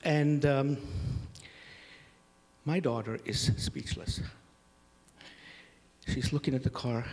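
A man's voice: mid-range voice, a little mellow, long reverb tail. A middle-aged man hosting a conference, opening with humorous, self-deprecating stories about his family. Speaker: conference host. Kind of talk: storytelling conference introduction. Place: conference hall.

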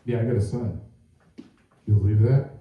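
A man's voice: lowish voice, normal speed, narrow, tinny audio. A man doing a stand-up comedy set, rambling through his stories in a self-mocking way in front of a live audience. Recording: echoey club from far off.

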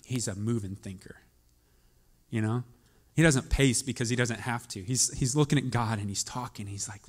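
A man preaching a sermon as pastor, moving from quiet, musing storytelling to loud, urgent calls to the congregation. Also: medium pitch, moderate pace, breathy edge.

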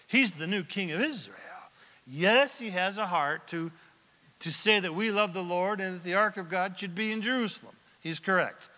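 A male pastor preaches in a church sanctuary, his voice high and bright as the sound rings through a long hall reverb. He reads scripture slowly, puts questions to the congregation, and drops from near-shouts to hushed whispers for drama. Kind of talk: sermon.

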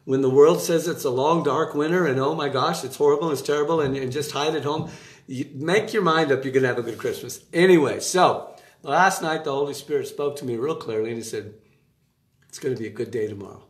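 A man's voice: a little high, fairly quick. Chatty man preaching in an echoey room. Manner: chatty and animated, with many asides and laughs. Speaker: preacher giving an online devotional. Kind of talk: casual preaching to camera. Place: room in his home.

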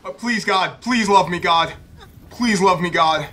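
A young man talking fast as a YouTuber in an excited reaction video. He rambles nervously, swears often and sounds hyped. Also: high-pitched. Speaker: YouTuber reacting to a game trailer.

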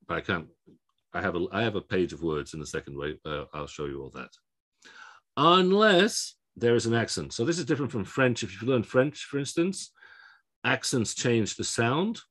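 A Spanish language instructor lectures on Spanish pronunciation, explaining rules step by step and often checking in with "okay?". His explanatory delivery has frequent fillers and restarts, and his voice is fairly low in pitch and a bit bright.

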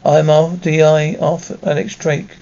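A man voicing a calm, firm female detective inspector who talks a gunman down, in a muffled lo-fi recording. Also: on the high side, unhurried. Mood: calm coaxing.

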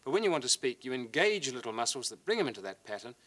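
A man's voice: mid-range voice, fast talker. A middle-aged man presenting a science lesson, explaining and demonstrating with a model as he talks. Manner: lively, hands-on demonstrator.

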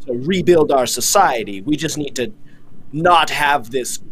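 A man voicing a cautious merfolk leader at a tabletop game, speaking haltingly with many pauses. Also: mid-range voice, lively intonation, a bit bright. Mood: earnest. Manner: halting, hesitant, lots of pauses.

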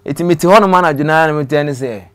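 A man with a Ghanaian accent telling his story in an interview, dropping to quiet trailing phrases and slipping in English words. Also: on the high side, racing, clear, resonant tone. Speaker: interview guest.

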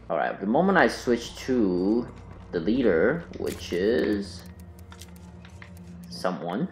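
A man with a lowish voice gives casual let's-play commentary, mumbling as he thinks aloud to his viewers. His voice sounds roomy. Game music plays faintly underneath. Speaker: gaming channel host.

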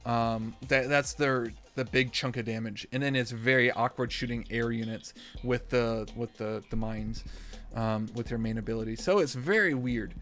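Bright-voiced excitable gaming streamer man. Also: medium pitch, normal speed, soft background music. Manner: excitable, bursts into shouts and laughter; rambling with many fillers and restarts. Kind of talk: live gameplay commentary.

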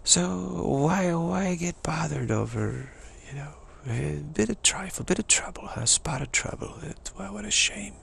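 A man's voice: on the high side, expressive, moderate pace, vocal fry, few pauses, fairly bright tone, slight background noise, voice pushed up, full character voice. A man playing a breezy upper-class Englishman with a put-on posh British accent, brushing trouble aside. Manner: chipper, dismissive of trouble.

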